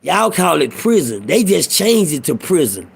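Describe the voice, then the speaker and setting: A man's voice: on the high side, very animated, moderate pace, vocal fry, slightly rough. A middle-aged man talking in a casual monologue, telling a profane, preachy prison story in street talk. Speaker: vlogger.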